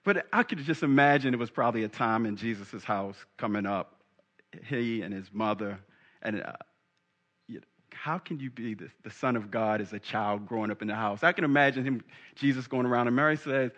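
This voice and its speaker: A man's voice: mid-range voice, brisk, fairly bright tone, muffled recording. A man preaching a sermon in a humorous, conversational way, laughing at his own jokes.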